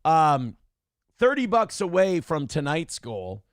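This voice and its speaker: A man with a high-pitched voice hosts a casual livestream, reading out chat messages. He is loud and joking, jumping between shouts and low mutters. The sound is dry and close to the mic. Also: big pitch swings, slow pace, no room sound. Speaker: show host reading chat donations.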